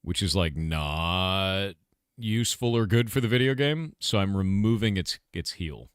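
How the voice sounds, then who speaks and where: A game developer chats casually with his livestream chat in a low, clean voice at a measured pace, the studio sound dry and clean. He asks viewers questions and muses aloud, animated and breaking into sudden emphatic outbursts.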